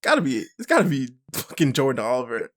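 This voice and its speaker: A young man co-hosting a podcast, chatting excitably, laughing often and swearing a lot. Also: mid-range voice, fast. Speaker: podcast co-host. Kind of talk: casual chat.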